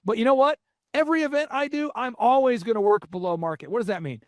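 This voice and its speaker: A man's voice: very high-pitched, quick pace, dry recording. A man in his forties hosting a business podcast, telling stories energetically with many fillers and restarts. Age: 40s. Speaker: podcast host and business coach. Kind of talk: motivational business talk.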